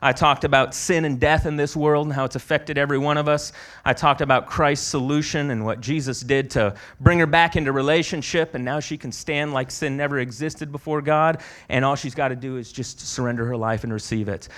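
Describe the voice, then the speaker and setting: A man's voice: medium pitch, steady tone, a little fast, fairly bright tone. A man preaching a sermon at a conference, telling stories in a conversational way, with frequent restarts. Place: conference hall.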